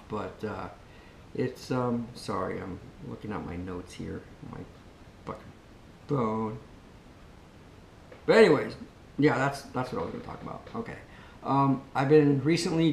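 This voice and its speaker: A man's voice: medium pitch, slight background noise. A man hosting a casual vlog, rambling and joking crudely. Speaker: vlog host. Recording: echoey room.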